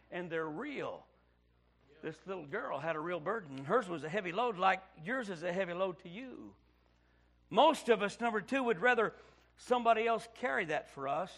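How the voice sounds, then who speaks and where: A male pastor preaching a sermon, moving between quiet storytelling and loud, pleading cries. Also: sits high, expressive, unhurried.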